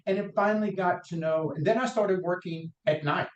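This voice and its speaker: A middle-aged man with a Southern accent, raised in North Carolina, speaks as a podcast guest. His voice sits a little high for a man and he drifts through anecdotes with frequent restarts. The room around him rings with a noticeable echo. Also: brisk, muffled recording, slight background noise. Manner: rambling anecdotes with restarts, acts out quotes. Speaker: guest, mortgage lender. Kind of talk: podcast interview, career storytelling. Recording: roomy echo.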